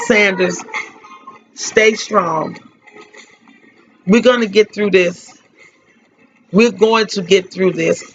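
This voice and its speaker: A grieving woman speaks on a radio tribute, her words slow and halting as she repeats herself through tears. The sound is muffled and lo-fi, like an old broadcast. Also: medium pitch. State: tearful. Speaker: radio host giving a tribute. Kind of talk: emotional spoken tribute. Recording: dull lo-fi radio recording.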